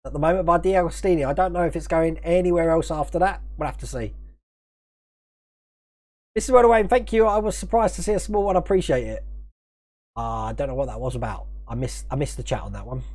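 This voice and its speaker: A man's voice: sits high, a little mellow. A British man hosting a casual livestream, rambling, chuckling often and thanking viewers by name. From United Kingdom. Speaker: livestream host.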